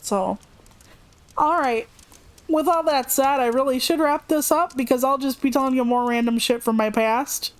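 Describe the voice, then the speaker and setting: A young adult woman streamer casually telling a personal story, chatty and animated, raising her voice to act out what others said. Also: normal speed. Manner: chatty, animated, acts out quotes with raised pitch.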